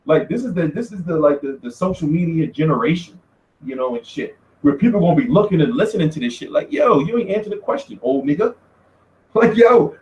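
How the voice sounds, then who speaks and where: High, lively-voiced man in an echoey room. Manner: animated, laughing, slangy storytelling. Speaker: boxing media vlogger. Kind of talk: casual profane monologue. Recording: roomy echo.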